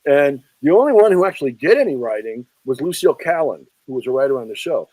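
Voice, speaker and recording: A man's voice: fast talker, no room sound, poor audio. A man, an author and film historian, telling anecdotes as an interview guest, quoting people as he goes. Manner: chatty, animated storyteller who quotes people in lowered voices.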